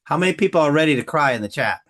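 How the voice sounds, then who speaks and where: Animated, energetic male business trainer. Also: on the high side, rapid-fire. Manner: energetic and theatrical, acts out quotes. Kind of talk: live-stream training talk.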